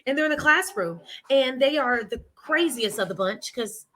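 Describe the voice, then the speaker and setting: A woman, talking in a casual interview with a bright, forceful tone and a voice that sits a little high. She tells her story with animation and often slips into the voices of people she quotes. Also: animated, moderate pace. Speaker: preschool owner and guest. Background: children nearby at home.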